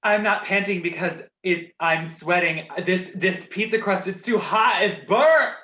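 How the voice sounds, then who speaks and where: Guy playing a sulky whiny dog, high bright voice, echoey dull call audio. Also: a little slow. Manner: complaining, mopey. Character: gloomy overheated male dog, whiny. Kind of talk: online improv comedy.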